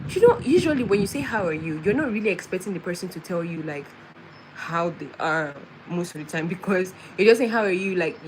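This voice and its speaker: A young West African woman vlogs on a live stream, telling travel stories in a chatty, animated way, often restarting sentences and laughing along. Her voice is lowish and brisk, and vehicle sounds make the background noisy.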